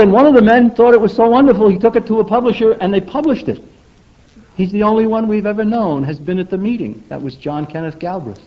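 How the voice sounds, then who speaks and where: An older man giving a public lecture in an emphatic, rhetorical manner, often asking the audience for agreement. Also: a little high. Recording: dull lo-fi recording.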